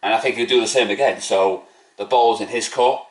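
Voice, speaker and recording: A man's voice: fairly low pitch, a little fast. A man hosting a football fan channel, giving a blunt, opinionated match preview with some swearing. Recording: roomy echo.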